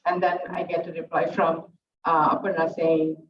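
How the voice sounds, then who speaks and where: A middle-aged dance teacher speaks earnestly at a student's recital, pausing often to collect her words. She is heard from a distance in an echoing room, with a dull, muffled sound and a faint hiss behind her. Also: low voice, little pitch movement, a crowd in the background. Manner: earnest, halting, with many fillers. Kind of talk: heartfelt speech at a student's recital.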